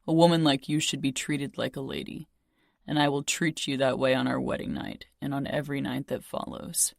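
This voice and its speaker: A woman voicing a charming, polite young man in an audiobook, speaking softly and courteously. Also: very deep voice, flat delivery, moderate pace, vocal fry, dry recording, clean studio sound. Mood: tender.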